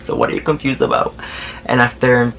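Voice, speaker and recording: A man's voice: medium pitch, sing-song, fairly quick, vocal fry, fairly bright tone, slight background noise. A young man telling a storytime vlog in a sassy, profane, dramatic way. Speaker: vlogger. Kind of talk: casual storytime.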